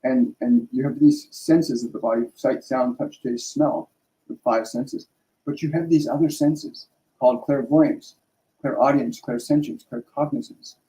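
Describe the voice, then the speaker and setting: A man's voice: medium pitch, steady tone, measured pace, dark tone, poor audio. A middle-aged man hosting a live spiritual stream, speaking earnestly with restarts and tag questions. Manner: earnest, rambling, frequent restarts and "right?" tags. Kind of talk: casual spiritual talk.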